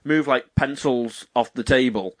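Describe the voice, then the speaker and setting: A man's voice: medium pitch, a little slow, a bit bright. A young man, hosting a podcast and telling a rambling story full of fillers. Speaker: podcast host. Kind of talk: casual chat.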